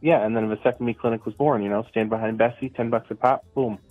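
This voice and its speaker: A man's voice: medium pitch, fairly even intonation, fast talker, faint music behind. A man calling in while recovering on a couch, laid-back and joking along with the host over a phone line. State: recovering from surgery, lying on a couch. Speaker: caller.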